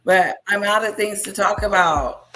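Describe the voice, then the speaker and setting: A woman's voice: medium pitch, measured pace, a bit bright, soft background music. A woman chatting casually and loosely to her viewers. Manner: loose, easygoing talk to viewers. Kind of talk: casual chat.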